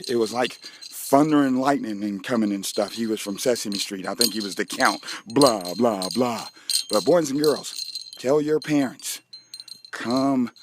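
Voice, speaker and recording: A man's voice: medium pitch, slight background noise. A middle-aged man from a school, joking playfully and talking straight to children as he promotes a fun run outdoors on chilly school grounds. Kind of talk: joking promotional video for kids.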